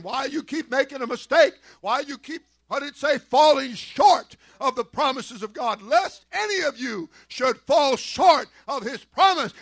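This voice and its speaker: A man preaches a fervent church sermon in a strikingly high voice. He drives his points home by repeating short phrases and punctuating them with amens. The recording is dry and close, with almost no room sound. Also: animated, unhurried, vocal fry, few pauses, a bit bright, no echo. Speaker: pastor.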